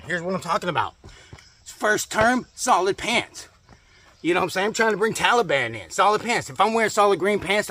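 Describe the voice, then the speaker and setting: A man's voice: sits high, sharp tone. A man in a comedic rant, angry and profane, swearing constantly and repeating himself. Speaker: comedic ranting character.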